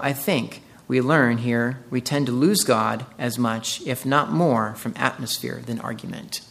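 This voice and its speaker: A man's voice: mid-range voice, vocal fry, fairly bright tone. A man preaching a sermon in an earnest way, walking through a scripture passage and rising into emphatic quoted voices. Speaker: pastor.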